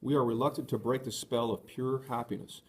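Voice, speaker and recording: A man narrating a novel aloud in the first person, measured and earnest. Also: medium pitch, fairly even intonation. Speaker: audiobook narrator.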